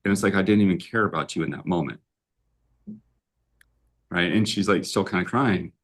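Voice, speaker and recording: Low-voiced male relationship coach. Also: normal speed. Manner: storytelling, often tags lines with "right?". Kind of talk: casual conversation. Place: live-streamed talk.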